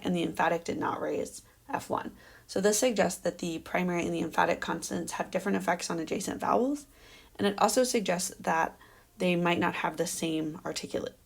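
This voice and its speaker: A young adult woman, a doctoral candidate, presents her research, explaining carefully and using frequent fillers. Her voice is on the low side with vocal fry.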